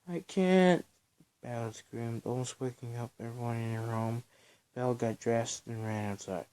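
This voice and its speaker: A man reading his own story aloud on a phone recording, halting, with small slips. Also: medium pitch, flat delivery, dark tone.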